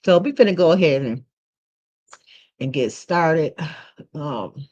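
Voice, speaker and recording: A woman's voice: low voice, animated, takes it slowly, a little mellow, muffled recording. A woman hosting a casual livestream who rambles, uses many fillers, and keeps checking in with "okay?". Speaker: livestream host.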